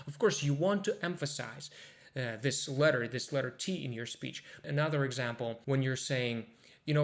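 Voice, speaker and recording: A man giving a casual pronunciation lesson, demonstrating words slowly and with emphasis. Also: a little high. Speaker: pronunciation teacher.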